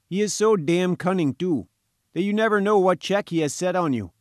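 A man voicing a nervous, gloomy chief engineer in an audiobook, blunt and uneasy, pitched above his usual voice. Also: moderate pace, no room sound, studio quality, close to an everyday voice. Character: gloomy, jittery male chief engineer underground.

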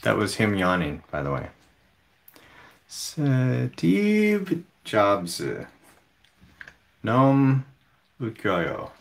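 A man hosting a casual livestream from home, reading viewer comments aloud in a relaxed way. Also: lowish voice. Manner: slow, relaxed, reads chat comments aloud. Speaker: livestream host.

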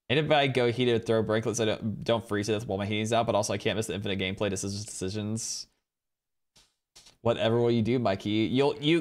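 A man chatting casually with viewers on a live stream from home, rambling and excitedly thanking people. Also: medium pitch.

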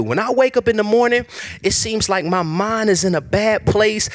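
A man preaching a sermon at a church service, talking in a conversational and personal way. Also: high voice. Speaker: pastor.

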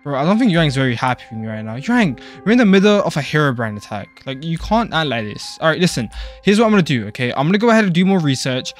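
Man, gaming commentary, frantic, casual slang, fairly high voice, faint background music. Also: big pitch swings, fast talker. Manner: frantic, jumpy, talks to game characters; casual slang, calls others bro. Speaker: gaming YouTuber. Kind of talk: Minecraft role-play commentary.

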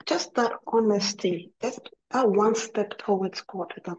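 A woman's voice: medium pitch, unhurried, hardly any pauses, darkish tone, muffled recording. A middle-aged woman sharing a Christian testimony and teaching wives, in an earnest tone, often repeating words for emphasis. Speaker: guest speaker at a women's ministry program.

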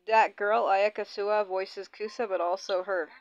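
A woman's voice: mid-range voice, fairly even intonation, normal speed. Casual, profane young woman gamer. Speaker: gaming channel host. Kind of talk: casual gameplay commentary. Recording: dull lo-fi audio, faint game music.

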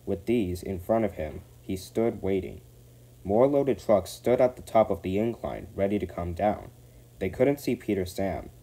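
A man narrating a railway storybook in a steady, measured way. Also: deep voice.

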